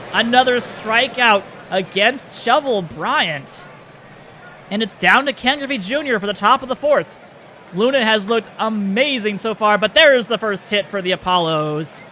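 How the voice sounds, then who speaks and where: A man giving play-by-play commentary over a baseball video game, excitable on big plays and often correcting himself. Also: high voice, moderate pace, a little hiss or hum.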